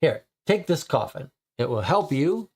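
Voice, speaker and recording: A man putting on a slow, grandiose vampire voice. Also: fairly high pitch, sing-song, a little mellow, breathy edge, exaggerated voice. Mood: secretive. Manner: slow, drawn-out, affected vampire speech. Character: theatrical man role-playing a vampire.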